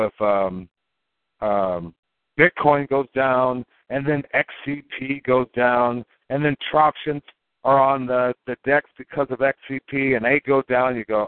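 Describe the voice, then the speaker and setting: A man explains things in a rambling, animated monologue, his voice jumping up for emphasis as he mimics other people's reactions. It sounds like it was recorded through a tinny, phone-like line. The sound is flat and dry, with no room around it. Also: medium pitch, measured pace, no room sound. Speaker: crypto token promoter.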